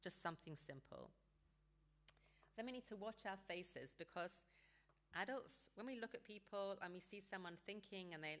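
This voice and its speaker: A woman giving a seminar talk on parenting teenagers, calm and practical, sometimes acting out what parents and teens might say. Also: medium pitch, moderate pace. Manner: calm, practical advice, acts out quoted dialogue.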